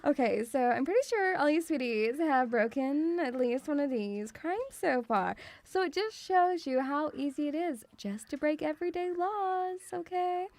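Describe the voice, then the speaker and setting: High-voiced, teasing British woman. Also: lively intonation, normal speed, hardly any pauses, a little mellow. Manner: teasing, mock-stern, calls the audience "sweetie". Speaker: streamer playing a teacher. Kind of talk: playful live-stream chat in a teacher role-play.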